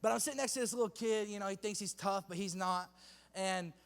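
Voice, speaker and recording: High-voiced youth pastor preaching in a hall. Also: male voice, fairly quick, smooth. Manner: casual, slangy, joking with the crowd. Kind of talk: sermon. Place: church hall with youth audience.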